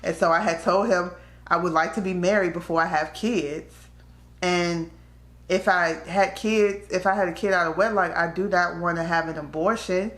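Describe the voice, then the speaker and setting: Candid woman vlogger, low voice, echoey room. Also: fairly even intonation, moderate pace, fairly bright tone. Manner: candid, conversational, slips into quoted voices. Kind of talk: casual storytelling to camera.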